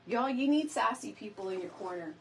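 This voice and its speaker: A woman's voice: medium pitch, expressive, fairly quick, husky. A middle-aged woman hosting a live crafting stream in a chatty, rambling way, talking to viewers while she works and fighting off a lingering cough. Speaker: DIY crafting host.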